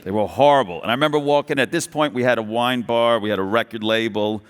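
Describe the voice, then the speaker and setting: A middle-aged man with a Brooklyn New York accent, telling his business story on a conference stage in an animated way, acting out other people's lines and restarting his sentences quickly. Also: medium pitch, smooth. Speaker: guest entrepreneur. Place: large event hall stage. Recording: reverberant conference hall.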